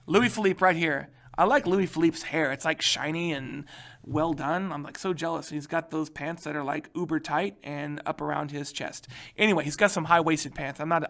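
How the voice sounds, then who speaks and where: A man teaching history in a casual recorded lecture. He talks in a chatty, animated way with slangy asides. His voice is high and bright.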